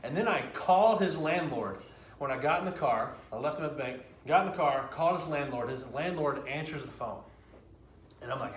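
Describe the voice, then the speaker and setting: Casting note: man with a fairly high voice, casual storytelling talk from a stage, roomy hall sound. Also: a little hiss or hum. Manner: lively, conversational storytelling with quick asides. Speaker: speaker. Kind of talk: storytelling speech. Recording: echoey hall.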